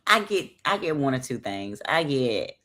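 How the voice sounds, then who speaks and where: Brief: Southern woman, late 30s, low voice with big pitch swings, sassy storyteller on a video call. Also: normal speed. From American South. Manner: sassy, animated storytelling with playful put-downs. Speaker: guest athlete. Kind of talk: casual interview chat.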